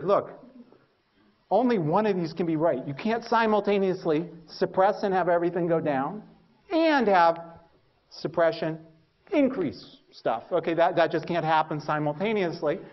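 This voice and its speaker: A man giving a university lecture, telling stories about his early research with lively, self-mocking humor and acting out his own past reactions. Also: high voice, lo-fi sound. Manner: animated storytelling, acts out his past thoughts. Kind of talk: lecture with personal anecdotes.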